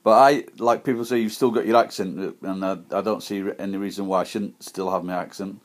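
A man with a Sheffield Yorkshire accent, talking casually to an iPad camera in a rambling, halting way with many restarts. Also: deep voice, fairly even intonation. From Sheffield, England. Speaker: vlogger.

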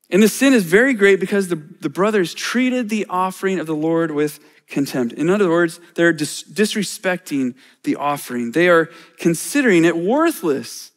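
A man's voice: high-pitched, expressive, normal speed, few pauses. A middle-aged man, a church elder, preaching a sermon in a conversational way with self-deprecating humor.

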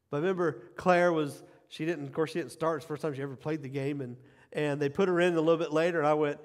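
A man's voice: a little high, steady tone, brisk, pauses often. Emphatic middle-aged male pastor, echoing hall. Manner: emphatic, repeats key phrases, swings from quiet asides to loud cheering. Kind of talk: sermon. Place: church sanctuary. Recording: long hall reverb.

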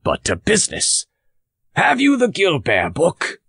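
A male audiobook reader voicing a blustering, hearty farmer who lectures with loud emphasis. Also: sits high, wildly swooping pitch, unhurried, vocal fry, husky, no room sound, clean studio sound, voice pushed up, full character voice. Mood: emphatic.

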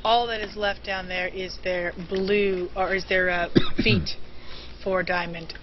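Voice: medium pitch, flat delivery, slow pace. Eager play-by-play co-caster, mid-range voice, lo-fi live-stream sound. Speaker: co-commentator. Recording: lo-fi live stream with faint hiss.

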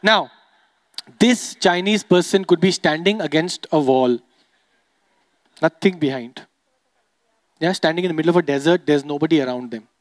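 A young man with an Indian accent doing stand-up comedy, animated and teasing the audience. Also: a little high, moderate pace, pauses often, no room sound, clean studio sound. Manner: animated, teases the audience, switches into voices.

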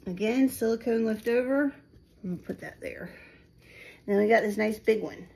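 Working on a resin project at her kitchen-style home table, this craft video maker chats casually with viewers and teases herself. Her fairly high voice has vocal fry and a darkish tone at a moderate pace, captured on a phone camera with slight background noise and poor audio.

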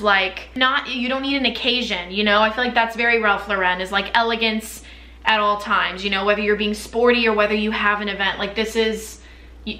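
A woman's voice: medium pitch, sharp tone, echoey room. A young woman chatting casually and candidly about her perfumes for a vlog, full of fillers. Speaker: beauty vlogger. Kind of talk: casual chat.

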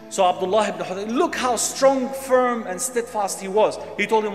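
Male preacher, high voice, emphatic storytelling, long hall reverb. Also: moderate pace, hardly any pauses, soft background music. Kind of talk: sermon storytelling.

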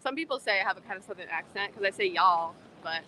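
A woman's voice: mid-range voice, expressive, quick pace, bright, forceful tone, low-quality recording. A young American woman from Northern Virginia, chatting casually on an outdoor livestream, laughing often and reading viewer comments aloud. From Northern Virginia, USA. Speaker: livestream co-host. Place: city street outdoors. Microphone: phone camera on a livestream.

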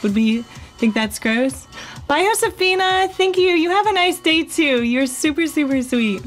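A fairly high-voiced woman chatting on a live stream, bubbly and rambling, full of ums and likes as she reads out viewer comments. Soft music plays faintly behind her. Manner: chatty and bubbly, thinks aloud with many fillers.

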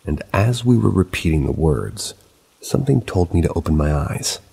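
A male narrator recounts a paranormal tale in a relaxed, chatty way, dropping in offhand asides. His voice is extremely deep and gravelly, with a husky, breathy edge. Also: moderate pace. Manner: casual, conversational retelling with asides. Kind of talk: first-person storytelling narration.

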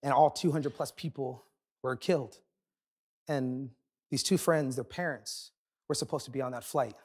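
A man preaching a sermon as a pastor, telling a personal story with animated, self-deprecating humor and quick asides. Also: mid-range voice, breathy edge. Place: large church auditorium.

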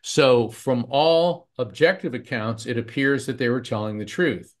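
A man's voice: mid-range voice, unhurried. Man telling earnest anecdotes. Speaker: psychic medium guest. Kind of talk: podcast storytelling.

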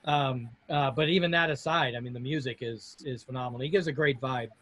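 A man's voice: mid-range voice, brisk, background noise. A man hosting a casual video call chat, friendly and talking in restarts. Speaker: host.

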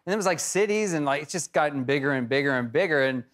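A man in his forties, a guest on a late-night talk show, chatting in a relaxed way and laughing often. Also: a little high, fast. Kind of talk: casual chat. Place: television studio with audience.

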